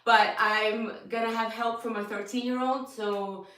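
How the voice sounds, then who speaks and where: A woman's voice: a little high, steady tone, a bit bright, recorded from a distance. Tearful woman rambling in an echoey room. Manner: rambling, tearful, quick bursts with laughs. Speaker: fitness coach. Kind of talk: emotional casual talk to followers.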